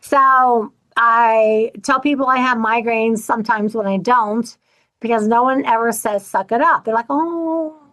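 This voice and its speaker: A middle-aged woman hosting her own channel, talking candidly to viewers and acting out other people's lines in an animated way. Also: on the high side, a little slow, low-quality recording. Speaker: channel host. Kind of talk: personal talk to camera.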